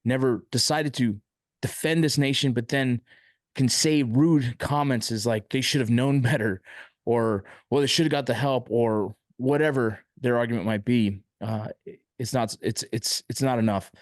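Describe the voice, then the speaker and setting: A man's voice: medium pitch, normal speed, no echo, clean studio sound. A man hosting an interview podcast, speaking with emotion and frustration and often stopping and restarting. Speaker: podcast host.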